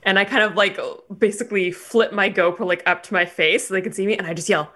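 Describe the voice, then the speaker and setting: A woman's voice: mid-range voice, steady tone, quick pace, fairly bright tone. A woman player in a tabletop game, talking casually and giggling, with lots of likes. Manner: giggly, rambling with many likes.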